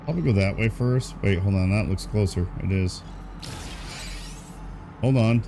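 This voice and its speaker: A man casually commenting on his own gameplay for a live stream, thinking aloud, yawning and drowsy in a warm room at home. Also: on the low side, normal speed, over music. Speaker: gaming streamer.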